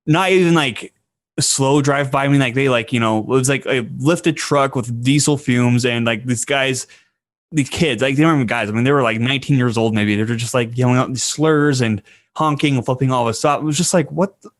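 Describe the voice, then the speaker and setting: A man's voice: medium pitch, fairly quick, no echo. A man hosting a podcast in casual chat, talking loosely with lots of fillers and blunt swearing. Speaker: podcast host.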